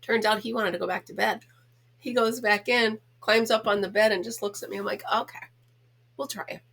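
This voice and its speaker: A woman's voice: medium pitch, fairly even intonation, a little fast, creaky, a bit bright. A middle-aged woman from the United States hosting a casual home chat vlog, talking in a chatty, giggly, self-teasing way. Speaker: host.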